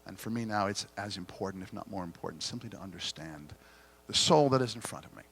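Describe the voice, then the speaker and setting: A man's voice: low voice, animated, vocal fry, slightly rough. Earnest man giving an inspirational keynote. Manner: earnest, gently confessional, dramatic pauses. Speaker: keynote speaker. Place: conference hall stage.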